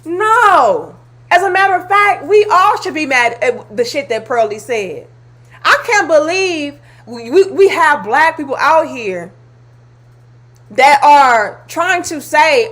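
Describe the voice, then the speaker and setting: A woman's voice: high voice, very animated, unhurried, fairly bright tone. A woman hosting a commentary video, blunt and exasperated, swearing freely as she reacts to clips.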